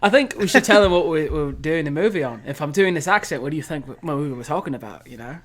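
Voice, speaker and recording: A man's voice: a little high, lively intonation, fast. A man putting on a cheeky British bloke. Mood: playful. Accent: put-on British. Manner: playful, mock-theatrical.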